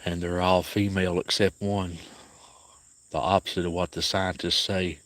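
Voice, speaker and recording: A man with an Appalachian accent, hosting a casual livestream outdoors and speaking softly to viewers by name. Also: low voice, little pitch movement, normal speed. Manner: soft-spoken, grieving, talks to viewers by name. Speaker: cat sanctuary livestream host.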